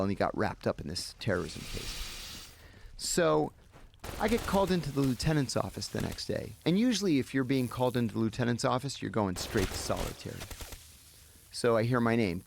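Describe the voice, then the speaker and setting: A man with a creaky, gravelly voice tells a story as an interview guest. His pitch rises and falls widely. He acts out the people in his story as he goes, with a faint hiss of noise behind him. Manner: animated, acts out the people he quotes.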